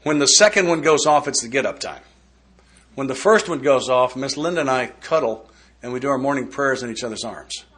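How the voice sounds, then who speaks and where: Casting note: a folksy, joking man leading a step study, bright and forceful voice, mid pitch. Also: expressive, brisk, slightly rough. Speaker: workshop speaker. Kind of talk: recovery step study talk.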